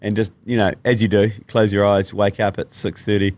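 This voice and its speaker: A man's voice: lowish voice, little pitch movement, fairly quick. A man with a New Zealand accent, hosting a podcast and telling rambling, self-mocking stories while hungover. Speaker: podcast host. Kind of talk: casual banter.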